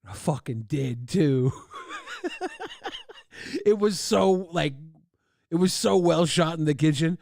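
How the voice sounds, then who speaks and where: Male streamer, high voice, excitable and profane, casual reaction chat, dry close mic. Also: slow pace, gravelly, long pauses, no room sound. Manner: excitable, profane, laughing at his own jokes. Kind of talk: casual livestream commentary.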